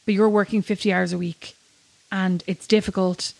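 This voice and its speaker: A woman's voice: medium pitch, level tone, normal speed, vocal fry, darkish tone, no echo. A woman co-hosting a podcast, chatting in a conversational way with frequent fillers. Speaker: podcast co-host. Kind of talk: casual chat.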